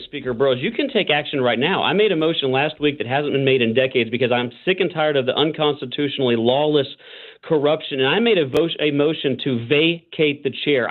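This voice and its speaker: A man from Texas, a state representative, speaking as a guest on a political call-in interview, fired up and emphatic, slowing down to hammer his points. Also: medium pitch. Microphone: phone. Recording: phone line.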